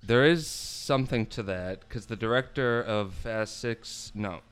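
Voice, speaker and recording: A man chatting casually on a podcast, wry with quick comebacks. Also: on the low side, expressive, clean tone.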